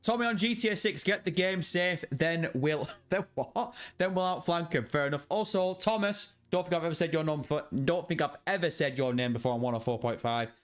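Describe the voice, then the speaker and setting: A man's voice: a little high, fairly quick, few pauses. A man hosting a casual livestream, jokey and rowdy, swearing freely and greeting chat members by name. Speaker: livestream host. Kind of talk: casual live stream chat.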